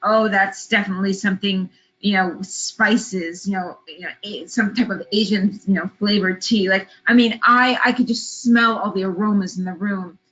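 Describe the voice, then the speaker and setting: A woman's voice: medium pitch, fairly even intonation, normal speed, hardly any pauses, a bit bright, lo-fi sound. Chatty woman telling a story in a webinar. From California. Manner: chatty, enthusiastic storyteller with many fillers. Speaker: travel business trainer. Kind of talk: webinar training talk with a personal story. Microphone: webinar computer mic.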